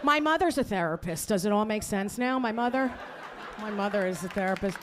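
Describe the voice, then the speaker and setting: A woman's voice: mid-range voice, expressive, brisk. A woman doing live stand-up comedy on a club stage, with a brash, crude delivery and sudden jumps in her voice. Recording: live club audience and noise.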